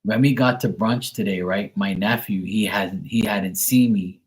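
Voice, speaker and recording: A man with a slightly low voice talks loosely on a live stream, full of swearing and easy laughter. He rambles freely, like a casual chat with viewers. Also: measured pace. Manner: loose, profane and laughing, imitates accents. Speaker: live tarot reader and streamer.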